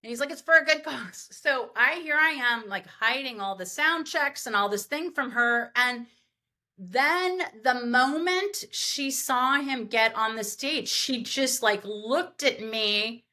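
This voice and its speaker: Bright, lively woman event planner. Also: on the high side, slow pace. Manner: animated, rambling anecdotes with many fillers. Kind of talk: podcast interview storytelling.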